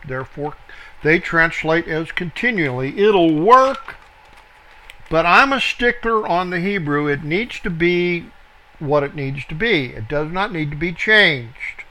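A man teaching a verse-by-verse Bible study, slow and deliberate, pausing to spell out words and correct himself. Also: on the high side, expressive, bright, forceful tone.

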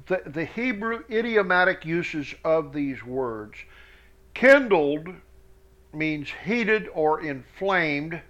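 A man teaching scripture verse by verse, reading each verse slowly with emphasis and adding quick asides. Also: on the high side, animated, fairly bright tone, highs cut off. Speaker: Bible teacher.

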